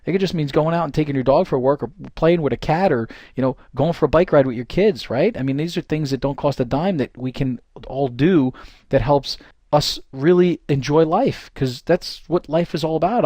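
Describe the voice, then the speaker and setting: A man's voice: fairly high pitch, moderate pace, dry recording. Chatty motivational man, dry sound. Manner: chatty and animated, many fillers and restarts. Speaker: goal-setting coach. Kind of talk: informal motivational talk.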